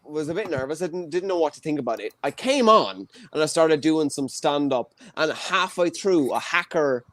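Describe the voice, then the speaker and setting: A man's voice: fairly high pitch, lively intonation, moderate pace, hardly any pauses, fairly bright tone, no echo. An Irish man in his twenties hosting a live online comedy show from his childhood bedroom over a video call, with a joking, chatty stand-up delivery. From Ireland. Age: 20s. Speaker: host.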